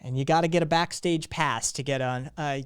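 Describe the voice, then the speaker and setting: A man's voice: a little high, fairly even intonation, normal speed, clear, resonant tone. A man hosting a live stream, talking in a rambling way with lots of fillers and restarts. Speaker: streamer host.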